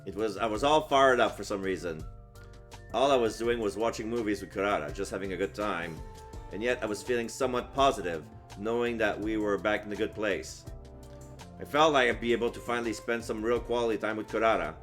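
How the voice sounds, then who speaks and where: A man's voice: lowish voice, fairly quick, fairly bright tone, soft background music. A man streaming, reading a story game aloud with earnest, lightly wry narration. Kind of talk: reading a visual novel aloud.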